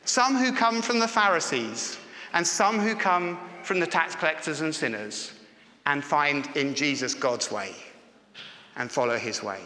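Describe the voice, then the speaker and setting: In a church hall full of long, echoing reverb, a man with a slightly high, sharp-toned voice delivers a conversational sermon and poses questions to the people listening.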